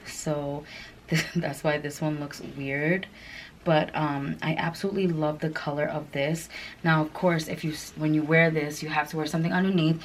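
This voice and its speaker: A woman's voice: deep voice, slight background noise, poor audio. A woman chatting through a clothing try-on haul, gushing and chatty with lots of fillers. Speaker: fashion vlogger.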